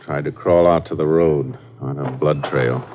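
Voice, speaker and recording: Laconic ranger, rumbling deep voice, muffled vintage broadcast. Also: male voice, fairly even intonation, unhurried, slight background noise. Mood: sober. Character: steady male Texas ranger. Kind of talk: 1950s radio drama acting. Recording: muffled old radio broadcast.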